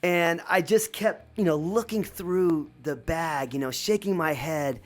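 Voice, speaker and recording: A woman's voice: lowish voice, a little slow. A woman telling a personal story in a reflective, rambling way, with many restarts.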